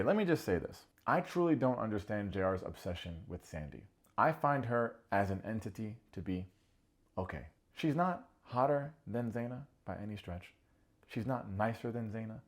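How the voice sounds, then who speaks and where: A man hosting a comedic reality-show recap, snarky and animated, prone to ranting. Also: fairly low pitch.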